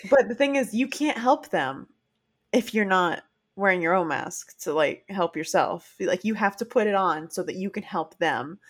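A woman co-hosting a relaxed podcast chat, her pitch sitting in an ordinary middle range. She talks earnestly and with animation. She acts out little quoted exchanges as she tells her stories. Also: normal speed. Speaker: podcast co-host. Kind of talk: casual chat.

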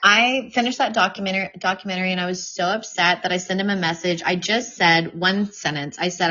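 A woman chatting as a podcast guest, animated and outspoken, with frequent swearing. Her voice sits fairly low. The recording is dull and lo-fi. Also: fairly quick, hardly any pauses. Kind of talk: casual conversation.

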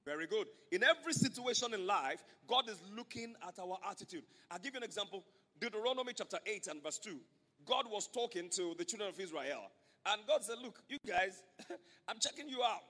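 A man's voice: high-pitched, expressive, brisk, sharp tone, long reverb tail. A man preaching a sermon to his church, emphatic and repetitive, drawing the congregation into call-and-response. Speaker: pastor. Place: church sanctuary.

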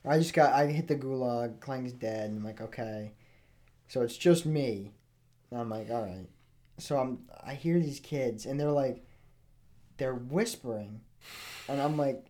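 A man on a casual podcast chat telling gaming stories with lively energy, jumping up high and loud whenever he acts out what someone said. His voice sits in a middle pitch. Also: measured pace, pauses often. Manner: acts out quotes loudly, big pitch jumps. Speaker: podcast co-host.

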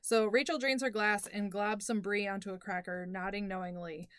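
Bright, swearing woman podcast host. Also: medium pitch, normal speed, no echo. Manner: animated storytelling, swears freely. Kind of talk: casual book chat.

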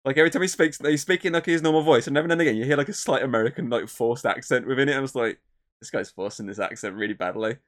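A man co-hosting a podcast, chatting casually, rambling with lots of filler words and swearing. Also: mid-range voice. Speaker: podcast co-host. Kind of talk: casual chat.

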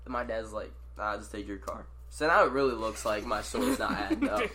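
A man telling a story in casual chat with friends, animated, swearing and acting out quotes. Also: on the low side, brisk, background noise.

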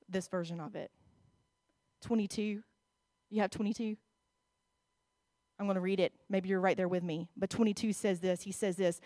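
A woman's voice: mid-range voice, no echo, clean studio sound. A woman, preaching a sermon in a church, reading scripture aloud and speaking expressively to the congregation.

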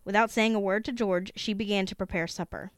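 Smooth-voiced woman reading a book aloud. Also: mid-range voice, brisk, no room sound, clean studio sound. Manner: steady reading with laughing asides. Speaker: podcast host.

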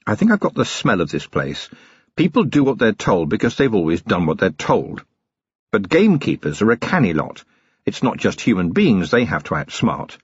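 A man's voice: fairly low pitch, huge pitch swings, moderate pace, husky, dry recording, full character voice. Brief: weary police commander, read by a male narrator, dull grim delivery, dry close mic.

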